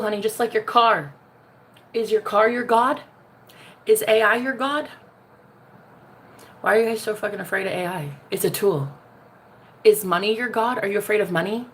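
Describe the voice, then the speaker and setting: A woman hosts a casual spiritual vlog, talking sassily and straight to her viewers, calling them honey and laughing often while jumping between loud and hushed. Her voice is mid-range at a moderate pace, with long pauses.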